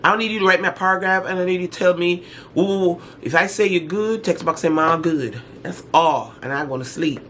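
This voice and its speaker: A middle-aged woman vlogger in casual storytime chat, talking in an animated, slangy way with dramatic asides. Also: lowish voice, fast, hardly any pauses, slight background noise.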